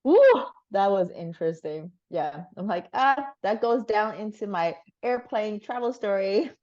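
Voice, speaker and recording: A woman's voice: mid-range voice, expressive, a little slow, a little mellow, highs cut off. A woman telling a funny story in casual chat, swearing freely and laughing as she goes. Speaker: guest.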